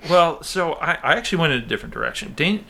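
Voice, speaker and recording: A man's voice: a little high, expressive, fast talker, vocal fry, sharp tone, slight background noise. A man co-hosting a casual music podcast, talking expressively and laughing a lot. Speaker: podcast co-host. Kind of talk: casual chat.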